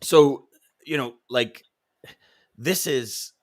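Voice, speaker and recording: A man's voice: medium pitch, drawn-out words. A man hosting a casual live-stream chat as a coach, reading viewer comments aloud and often repeating words. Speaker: podcast host and trucking coach.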